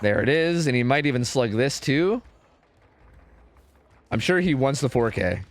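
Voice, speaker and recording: Lively, chatty male game commentator. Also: mid-range voice, unhurried, dry recording. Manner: loose, chatty and profane, thinking aloud. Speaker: streamer casting a match. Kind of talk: casual esports commentary.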